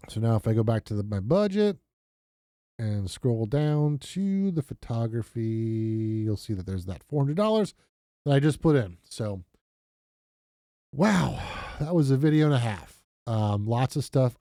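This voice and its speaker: Male vlogger, very dark and mellow tone, dry close mic, casual, self-deprecating, full of ums and restarts. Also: mid-range voice, no echo. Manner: chatty, self-deprecating, many fillers and restarts. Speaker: budgeting vlogger. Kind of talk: casual screen-share walkthrough.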